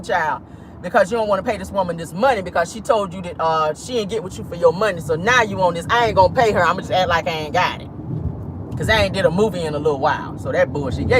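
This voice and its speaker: A woman's voice: medium pitch, background noise. A woman hosting a celebrity gossip show in casual, sassy commentary full of slang and laughter, talking from a car.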